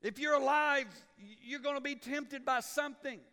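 High-voiced pastor in a reverberant hall. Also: male voice, steady tone, normal speed, sharp tone. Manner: folksy, teasing the congregation, acts out quotes. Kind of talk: sermon. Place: church sanctuary.

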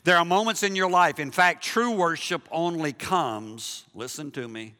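A man preaching a sermon in a church, animated, moving from loud emphasis to hushed softness, with jokey asides to the congregation. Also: fairly high pitch, a little slow, long reverb tail. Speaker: pastor. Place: church sanctuary.

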